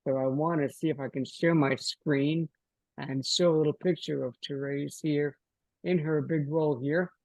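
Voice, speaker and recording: Older man hosting, slightly high voice. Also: fairly even intonation, moderate pace, a little mellow, no echo. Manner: friendly, rambling, with many fillers. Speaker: podcast host. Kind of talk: casual interview chat.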